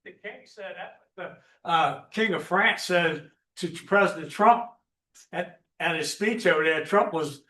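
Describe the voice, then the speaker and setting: A man in a church class making halting, casual remarks from the seats. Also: sits high, bright, forceful tone, roomy sound, distant mic. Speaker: class member.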